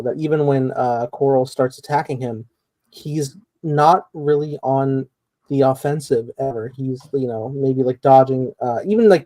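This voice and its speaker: A man co-hosting a podcast, talking in a halting way full of fillers like "like" and "you know". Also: medium pitch, dark tone, no room sound. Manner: halting, filler-heavy musing. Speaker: podcast co-host. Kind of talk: casual podcast discussion.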